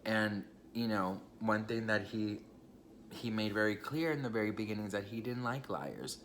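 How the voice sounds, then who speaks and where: Young man dishing gossip in a lowish voice. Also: normal speed, a bit bright, a little hiss or hum. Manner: chatty, gossipy, swears casually and addresses the viewers directly. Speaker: vlogger. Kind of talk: casual storytime vlog.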